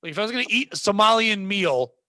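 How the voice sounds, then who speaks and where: A man's voice: sits high, lively intonation, fast, sharp tone, no room sound, clean studio sound. A man hosting a comedy podcast, chatting casually and joking with big swoops up into exclaims. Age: adult. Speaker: podcast host.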